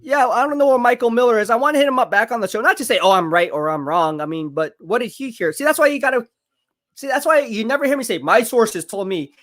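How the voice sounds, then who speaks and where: A high-voiced man hosting a live stream, talking in a hyped, chatty way and reading out comments from viewers. He sounds a little out of breath, as if he is exercising while he talks. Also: expressive, quick pace, a bit bright. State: out of breath from curls. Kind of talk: live draft watch party, reading chat.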